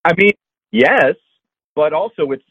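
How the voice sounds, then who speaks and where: A man co-hosting a casual chat, lively and laughing as he muses aloud. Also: fairly high pitch, unhurried, vocal fry, breathy edge, no echo. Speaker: podcast co-host. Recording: tinny phone-like line.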